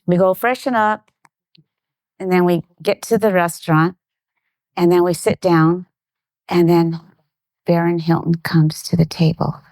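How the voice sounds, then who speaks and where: A middle-aged woman, a guest on a talk show, telling a personal anecdote in lively detail and acting out the voices of the people in it. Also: lowish voice, unhurried, pauses often, dry recording. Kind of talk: storytelling in a conversation.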